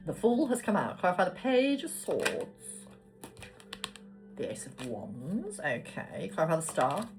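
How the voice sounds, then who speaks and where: A woman's voice: on the low side, wildly swooping pitch, measured pace. A woman giving a casual tarot card reading, chatty and swearing casually as she talks. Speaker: tarot reader. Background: background music.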